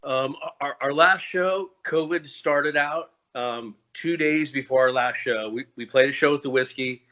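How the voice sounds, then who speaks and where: Bright-voiced man in his forties. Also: mid-range voice, dull audio. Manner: even-toned, unhurried, with frequent "uh" fillers. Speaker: guest musician. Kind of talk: casual interview talk. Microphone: remote call.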